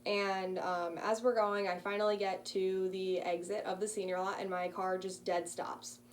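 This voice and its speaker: Student in her twenties telling a personal story, relaxed and halting, recorded from across the room with a low hum. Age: early 20s. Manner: casual, frequent ums. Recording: distant mic with faint hum.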